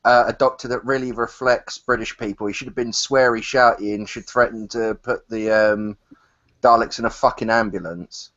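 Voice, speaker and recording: A man's voice: medium pitch, fairly even intonation, moderate pace, a bit bright. A man in a casual group chat, rambling and repeating words. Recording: dull lo-fi online call.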